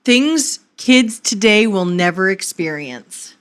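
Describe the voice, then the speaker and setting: A woman, a pastor's wife co-hosting a podcast, playful and quick to laugh. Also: mid-range voice, animated, fairly bright tone, clean tone. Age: 30s. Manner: giggly, playful, reads listener comments aloud. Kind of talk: casual chat.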